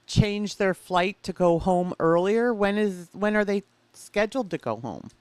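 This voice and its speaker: A woman's voice: medium pitch, lively intonation, measured pace, darkish tone, clean tone, no echo. A woman hosting live reaction commentary, making blunt, skeptical remarks and greeting her chat. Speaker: commentary streamer reacting to a clip.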